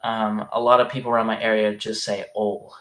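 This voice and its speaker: A young man talks quickly and levelly on his live stream, his voice lowish but fairly bright. His casual rambling is loaded with fillers and sprinkled with swearing, delivered in an unspecified regional dialect.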